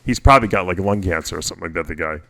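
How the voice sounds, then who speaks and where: A middle-aged man with a low voice that still has a bright, forceful edge. He hosts a casual radio chat and tells long personal stories, stopping and restarting his sentences as he goes. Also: racing. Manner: rambling, personal storytelling with many restarts. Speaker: podcast host.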